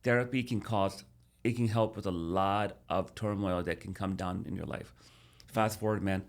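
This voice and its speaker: This podcast guest, a man in his thirties, has a low voice and a moderate pace. He recounts a personal story casually and with animation, restarting often.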